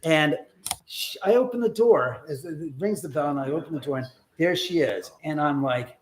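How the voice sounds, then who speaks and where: Man, slightly high voice, live-stream host, casual storytelling, swears now and then, acts out quoted voices. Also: moderate pace. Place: his own house.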